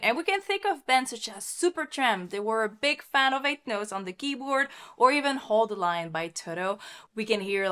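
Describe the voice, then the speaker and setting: A woman teaching rock keyboard patterns, explaining them cheerfully and counting beats aloud while she plays. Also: on the high side. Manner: upbeat, instructive. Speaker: piano teacher. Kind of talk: keyboard lesson with demonstrations. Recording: loud piano playing alongside.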